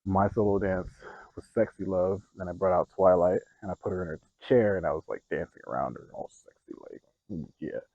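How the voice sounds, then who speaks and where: A young man telling stories from his life in a casual vlog, animated, laughing and growing loud when excited. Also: low-pitched, a little fast, lo-fi sound. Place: outdoors.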